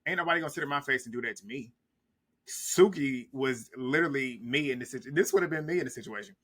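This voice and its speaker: A man's voice: mid-range voice, fast, fairly bright tone. A man, recapping a reality show in casual, blunt, trash-talking commentary.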